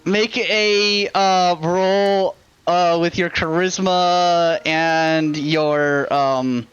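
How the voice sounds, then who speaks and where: A man's voice: sits high, fairly even intonation, very slow, a bit bright, clear, resonant tone, lo-fi sound, soft background music. A man narrating a tabletop game as game master, loose and full of fillers.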